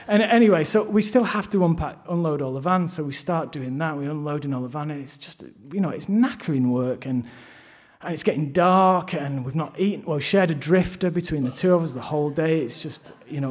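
A man's voice: on the high side, a little mellow. Wry man telling a story. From London, England. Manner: self-deprecating, wry, frequent restarts. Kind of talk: live first-person storytelling. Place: theatre stage.

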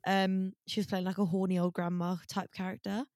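A woman's voice: medium pitch, little pitch movement, a little fast, darkish tone, dry recording, clean studio sound. A woman co-hosting a podcast in casual chat, chatty and swearing freely. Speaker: podcast co-host.

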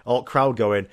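A man's voice: mid-range voice, no echo. Young male podcast host, rambling sweary comic monologue, laughs a lot. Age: young adult. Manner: rambling, swearing, laughing, acting out voices of people in his stories.

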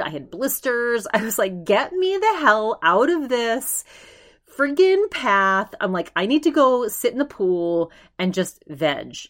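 A woman hosting her own podcast, telling a story alone in a chatty, animated way with many restarts and quoted asides. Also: lowish voice. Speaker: podcast host. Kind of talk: casual solo storytelling.

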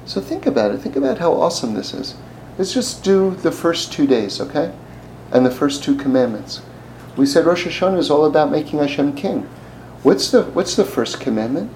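In a fairly high voice at a moderate pace, a preacher tells stories during his sermon, performing the characters' voices and laughing frequently in an animated way. The recording is low quality with a little hiss or hum.

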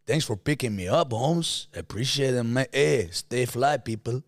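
A man's voice: mid-range voice, moderate pace, dry recording, studio quality, natural voice. A man hamming up a swaggering tough-guy gangster with a mock movie accent and drawling street slang, on a podcast.

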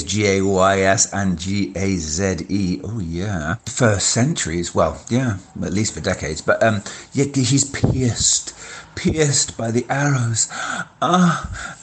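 A man's voice: deep voice, slight background noise. A man from Scotland leaving a gossipy, camp voice message to a podcast. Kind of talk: casual voice message.

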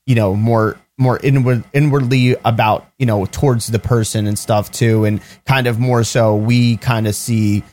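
A man's voice: mid-range voice, steady tone, moderate pace, few pauses, a little mellow. A man co-hosting a podcast in casual chat, hesitant and full of "like" fillers. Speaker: podcast co-host.

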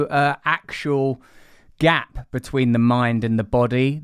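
A man's voice: mid-range voice, clean tone, dry recording, studio quality. A man hosting a long-form interview, speaking thoughtfully and articulately in long, wordy phrasing. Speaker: interview host.

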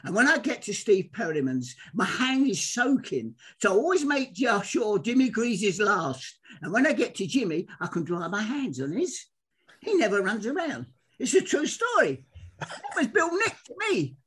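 Older Londoner, husky and lively, rambling storyteller. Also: male voice, sits high, normal speed. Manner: excitable, rambling, acts out quoted dialogue. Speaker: guest. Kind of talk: animated storytelling.

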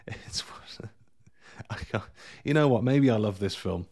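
A man's voice: on the low side, lively intonation, measured pace, a little mellow. A man co-hosting a podcast, chatting casually about a film in a rambling, self-deprecating way with frequent laughter. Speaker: podcast co-host.

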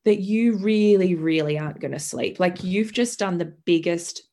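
A woman in her thirties, a podcast guest, telling a vivid, expressive story in candid conversation, swearing freely and acting out the voices of others. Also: lowish voice, normal speed.

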